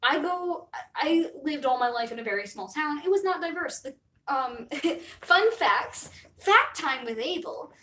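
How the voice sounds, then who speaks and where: A woman's voice: high voice, animated, measured pace, pushed and bright, echoey room. A young American woman streaming, chatting casually in a rambling way, full of fillers and laughs. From United States.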